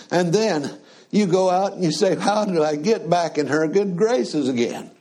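A man preaching a sermon in a slow, conversational way, often asking the congregation questions. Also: sits high, darkish tone.

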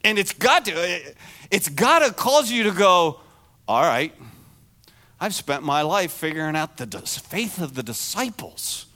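A man preaching a sermon to his congregation, animated and acting out the words of the people in the story. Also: sits high, a little slow. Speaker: pastor.

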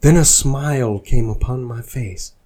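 A man's voice: mid-range voice, unhurried, dark tone. A man reading a fan story aloud as a dramatic performance, voicing the narrator earnestly. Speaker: fanfiction reader.

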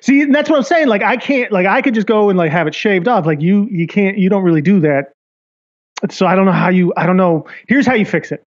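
A man's voice: high voice, a little fast, lo-fi sound. A man telling a story in casual chat, rambling with lots of fillers and acting out what others said.

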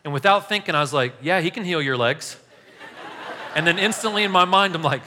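A man preaching a sermon, telling a story in a casual, animated way and laughing along as he goes. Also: a little high, fairly quick, slight background noise. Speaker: pastor. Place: church hall. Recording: echoey hall.

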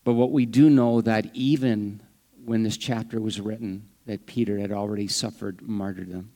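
A man preaching a sermon in a conversational style, with humorous asides, acting out the lines he quotes with sudden rises and drops in pitch and volume. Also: fairly even intonation, normal speed, warm tone. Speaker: pastor.

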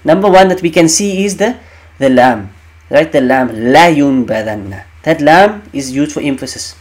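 A man's voice: a little high, expressive, normal speed. A man teaching the meaning of Quranic verses in an emphatic way, repeating key phrases and asking rhetorical questions.

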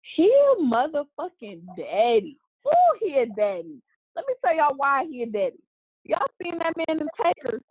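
A woman co-hosting a podcast in casual, animated chat, gushing and swearing freely. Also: high voice, moderate pace, no echo. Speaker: podcast co-host. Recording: tinny phone-like line.

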